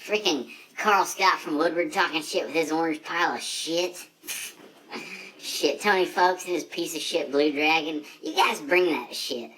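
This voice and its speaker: A man's voice: on the high side, measured pace, sharp tone, a little hiss or hum, low-quality recording. A man playing a brash foul-mouthed redneck racer. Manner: profane, rambling, boastful trash talk. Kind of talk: comedic monologue to camera.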